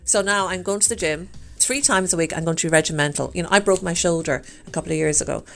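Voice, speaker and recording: Irish lady in her 50s chatting away, pretty low voice, upbeat and rambly. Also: fast talker, soft background music. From Ireland. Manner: chatty and upbeat, full of fillers. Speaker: challenge participant. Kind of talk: casual chat.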